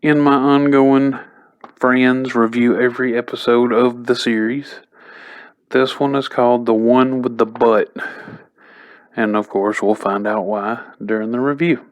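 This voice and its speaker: A man's voice: mid-range voice, steady tone, unhurried, highs cut off. A man giving a casual spoken recap as a TV episode reviewer, chatty and loose, with lots of "like" and "you know".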